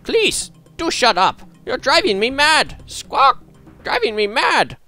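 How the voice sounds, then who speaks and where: A shrill squawking parrot. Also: male voice, wildly swooping pitch, takes it slowly, bright, forceful tone, faint music behind, heavily acted. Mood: squawking, theatrical. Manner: squawks, mock German accent, shrill. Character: squawking male parrot mimicking a mad scientist.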